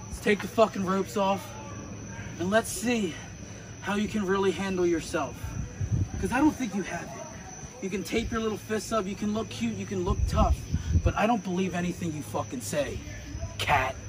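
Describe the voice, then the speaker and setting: Brief: male wrestler, very high strained voice, cursing trash talk, faint noise behind. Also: normal speed, pauses often. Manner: profane, aggressive trash talk. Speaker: pro wrestler. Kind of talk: wrestling promo.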